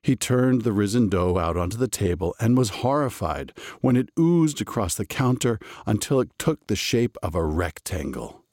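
Low-voiced man reading a lively storybook. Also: moderate pace, hardly any pauses, no room sound, studio quality. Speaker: narrator.

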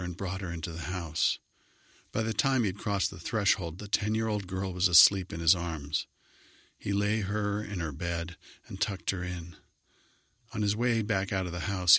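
A man narrating a children's story in an even, measured reading voice. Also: sits low, dry recording, clean studio sound.

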